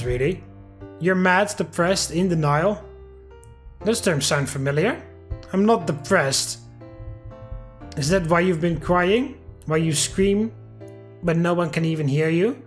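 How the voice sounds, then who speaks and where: A condescending mirror reflection of a young man taunts in a calm, matter-of-fact way, as a man voices him. The voice sits somewhat high but is dropped a little lower and quieter. It sneers without ever raising itself. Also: lightly acted.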